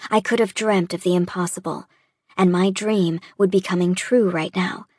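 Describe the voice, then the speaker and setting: Husky woman narrating an audiobook. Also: on the low side, fairly even intonation, normal speed, a little mellow, dry recording, studio quality. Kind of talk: first-person audiobook narration.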